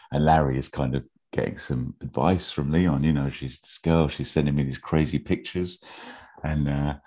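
A man with a very deep, husky voice, rambling through a story in casual chat, full of fillers. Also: a little mellow. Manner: rambling, many fillers, acts out characters' lines in a high voice. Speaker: podcast guest pitching a fan episode.

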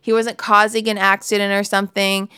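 A woman's voice: mid-range voice, level tone, brisk, sharp tone, smooth, no echo. A woman in her forties giving a candid devotional Bible talk, telling a personal story with laughs and asides, into a close studio mic.

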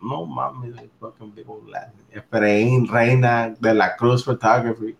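A relaxed male stand-up comic shooting the breeze on a podcast. His voice sits at an everyday middle pitch, and he peppers his talk with slang, cussing and quick Spanish phrases. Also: vocal fry. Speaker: stand-up comedian and podcast co-host. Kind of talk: casual podcast chat.

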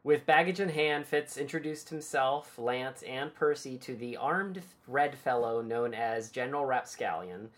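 A woman's voice: very deep voice, measured pace, few pauses. A woman hosting a podcast and recapping a book chapter in casual, irreverent chat, swearing and laughing easily.

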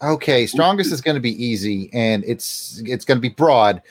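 A man co-hosting a casual movie podcast, enthusiastic and quick to laugh. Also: mid-range voice, lively intonation, no echo. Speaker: podcast co-host.

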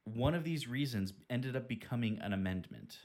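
An American man acting as quizmaster on a radio show, teasing and joking, slowing down to read questions. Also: mid-range voice, expressive, darkish tone. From United States. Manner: teasing, deliberate when reading questions. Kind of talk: casual quiz banter.

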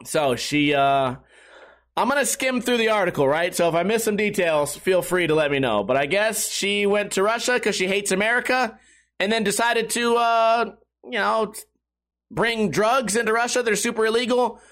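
A young man with a high-pitched voice hosts a loose, profane talk show. He rambles and mocks himself. His pitch jumps up and drops low as he riffs. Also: normal speed, fairly bright tone. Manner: rambling, self-mocking, swings between high and low pitch. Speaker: podcast host. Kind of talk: casual profane rant.

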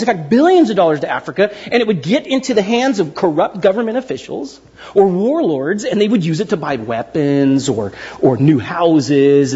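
A man preaching a casual sermon as an animated storyteller who acts out quotes and makes jokes, on a dull lo-fi recording. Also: sits high, husky, big-room sound. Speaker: pastor.

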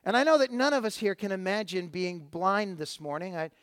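A man's voice: high-pitched, animated, fairly quick, a bit bright, no room sound. A man preaching a sermon to his congregation, retelling a Bible story in a conversational way with frequent fillers and restarts. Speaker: pastor.

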